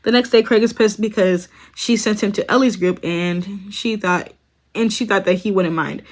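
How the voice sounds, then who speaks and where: A woman's voice: medium pitch, normal speed. A young woman casually recapping a TV series, talking loosely with lots of fillers and laughing as she mock-quotes the characters. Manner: chatty, frequent "like" and "um", bursts of laughter, mock-quoting characters. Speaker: commentary video host.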